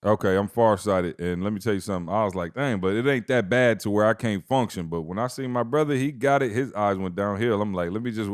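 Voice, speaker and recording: A man's voice: fairly low pitch, fast, hardly any pauses, no room sound, clean studio sound. A man co-hosting a casual podcast chat, talking in a laid-back, slangy way. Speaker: podcast co-host.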